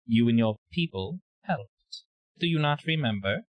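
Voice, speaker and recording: A man voicing an eerie, faceless male alien entity who speaks in slow, cryptic phrases. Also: mid-range voice, lively intonation, no echo, natural voice. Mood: probing.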